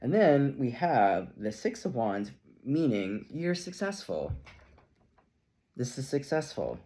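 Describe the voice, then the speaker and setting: A middle-aged man giving a casual, chatty tarot reading to camera, playful and quick to laugh, with lots of asides. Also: medium pitch, very animated, mellow. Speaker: tarot reader.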